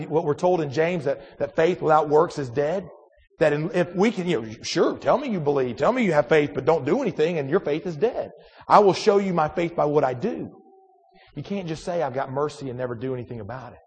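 A man delivers a sermon in a conversational manner, stumbling through restarts and asking his congregation questions. His voice is somewhat high and slightly husky. A long reverb trails behind his words, as in a large hall. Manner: conversational preaching with many restarts and rhetorical questions. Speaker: pastor.

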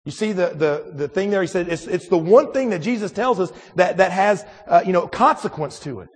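A man preaching a sermon in a relaxed, conversational way, full of restarts and rhetorical questions to the congregation. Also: sits high, a little fast, husky, long reverb tail. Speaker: pastor.

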